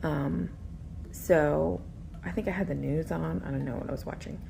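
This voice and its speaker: A woman's voice: sits low, steady tone, normal speed, creaky, background noise. A woman casually retelling a frightening babysitting experience in a tense, nervous way. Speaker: storyteller in a clip. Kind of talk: casual storytelling.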